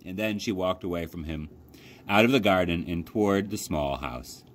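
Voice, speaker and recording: A man from a library youth program reading a children's novel aloud as expressive storytelling. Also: normal speed. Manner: expressive storytelling with lively pitch. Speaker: library youth services coordinator. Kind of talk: children's book read-aloud.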